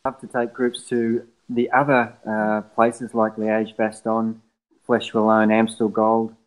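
Man, middle-aged, father, tour guide, monotone delivery, earnest. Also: on the low side, slow pace, poor audio. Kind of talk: casual conversation.

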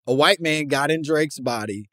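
A man's voice: fairly high pitch, normal speed, a bit bright, dry recording, studio quality. A man hosting a casual conversational interview, asking probing, amused questions and laughing often.

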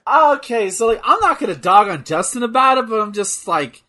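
A man chatting casually and reacting loudly to a wrestling match, laughing often. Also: sits high, moderate pace. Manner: animated, laughs often, bursts into shouting. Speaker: co-host watching wrestling.

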